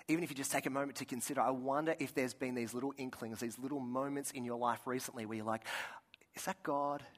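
A man's voice: medium pitch, fairly bright tone. A young man giving a sermon as a pastor, conversational and earnest, often restarting his sentences.

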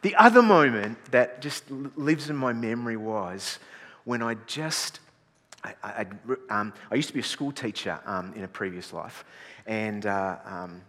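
A middle-aged pastor gives a storytelling sermon in a slightly low, bright, forceful voice, unhurried and chatty, poking fun at himself and often restarting sentences. A long reverb from a big hall surrounds the sound.

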